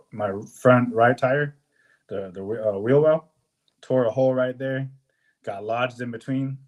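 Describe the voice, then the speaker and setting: Young guy on a podcast, mid pitch, swears a ton, laughs while telling a story. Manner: animated, swears a lot, laughs through the story. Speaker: podcast co-host. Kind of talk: casual storytelling.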